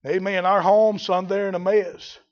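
A man preaching a folksy, blunt sermon that builds to shouting. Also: high voice, little pitch movement, moderate pace, lo-fi sound.

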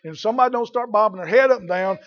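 Male preacher, plainspoken sermon, high voice, muffled old recording. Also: rapid-fire. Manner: folksy, blunt, builds to shouting.

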